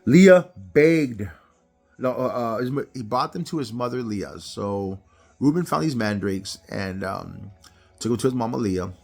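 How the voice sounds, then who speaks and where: A man's voice: medium pitch, a little slow, vocal fry, faint music behind. A man giving a casual Bible study talk to viewers, telling stories animatedly. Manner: animated storyteller who acts out scenes.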